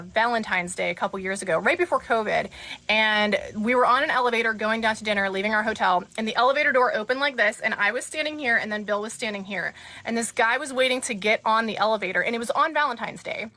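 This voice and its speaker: A young woman in casual chat, a blunt and animated storyteller. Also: a little high. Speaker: podcast guest.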